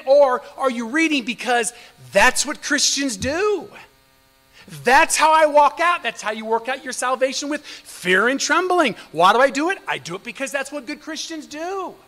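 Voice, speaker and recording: High, bright-voiced fervent male preacher. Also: long reverb tail, rough recording. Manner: fervent preaching with rhetorical questions; swings between loud emphasis and low hushed passages. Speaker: pastor. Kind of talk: sermon.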